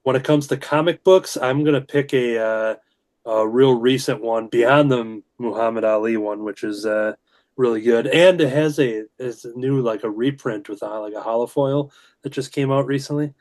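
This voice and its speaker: Male guest, mid-pitched voice, meandering filler-heavy storytelling on a call. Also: normal speed, darkish tone. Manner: rambling storytelling with many fillers and restarts. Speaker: guest comic creator. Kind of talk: casual chat.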